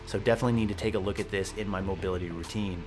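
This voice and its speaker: A man's voice: low-pitched, steady tone, rapid-fire, darkish tone, faint music behind. A young man chatting casually in a training vlog, laid-back and joking, with the odd swear word. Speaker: powerlifting vlogger.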